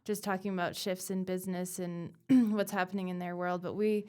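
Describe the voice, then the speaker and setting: A woman guest on a podcast who talks about bodywork in an earnest, animated way, full of "like" fillers. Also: lowish voice, fairly quick, smooth. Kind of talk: casual conversational podcast.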